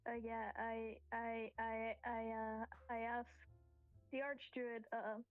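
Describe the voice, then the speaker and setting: A woman's voice: on the high side, little pitch movement, slow, dry recording. A woman playing a tabletop game, speaking in a stammering, hesitant way. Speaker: player. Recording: phone-like thin sound with faint music.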